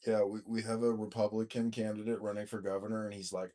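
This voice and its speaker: A man's voice: on the low side, little pitch movement, fast talker, hardly any pauses, warm tone. A man hosting a crude, casual political chat in an online voice room, blunt and profane, given to rants. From Chicago area, US. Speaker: podcast host and mayoral candidate.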